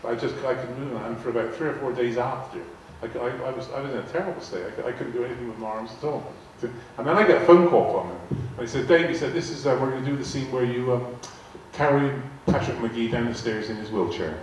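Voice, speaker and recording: A man's voice: medium pitch, quick pace, hardly any pauses. Older man telling stories in echoey hall. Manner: rambling, repeats words, acts out quoted dialogue. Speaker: guest speaker telling anecdotes. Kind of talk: storytelling to a live audience. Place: large arts hall. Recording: echoey hall, distant mic, faint noise. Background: audience laughter.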